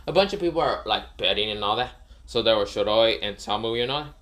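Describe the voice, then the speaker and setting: A man's voice: lowish voice, quick pace, a bit bright. A man casually retelling a fan story, rambling with many fillers and self-corrections.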